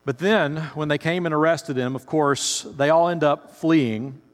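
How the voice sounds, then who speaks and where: A man's voice: fairly high pitch, measured pace. A male pastor preaching a sermon in a conversational, storytelling way, speaking straight to his listeners. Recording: reverberant hall.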